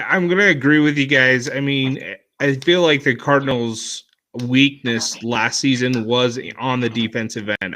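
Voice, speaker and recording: A man's voice: mid-range voice, sharp tone. A man in a casual sports chat who hesitates and stammers as he starts his points. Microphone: online call.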